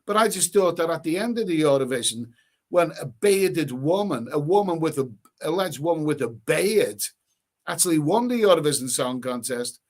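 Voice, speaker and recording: A man's voice: a little high, expressive. Stammering, sarcastic livestream host, man. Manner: halting, stammering restarts, sarcastic asides. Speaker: livestream host reading viewer comments. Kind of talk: casual rambling chat.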